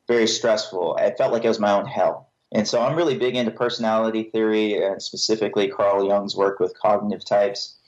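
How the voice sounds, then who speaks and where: A man with a somewhat low voice talks candidly as a podcast guest, earnest and self-deprecating. The audio is muffled and lo-fi. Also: darkish tone. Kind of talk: candid personal testimony.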